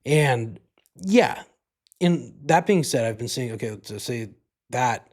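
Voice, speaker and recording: A man's voice: mid-range voice, a little mellow. A man hosting a podcast, giving a casual movie review in a rambling, profane way, full of "like" and "you know". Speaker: podcast host.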